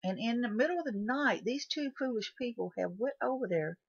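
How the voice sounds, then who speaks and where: A woman's voice: a little high, animated, fairly quick, creaky, breathy edge, no echo. A woman talking through a what-if survival scenario in a folksy, repetitive way, putting questions to the viewer. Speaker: channel host. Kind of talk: casual what-if monologue. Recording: dull lo-fi dry recording.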